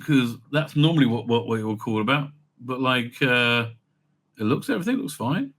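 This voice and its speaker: A man giving a casual, off-the-cuff TV review, rambling and halting, often tagging his points with a questioning "right?". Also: medium pitch, animated, fairly bright tone.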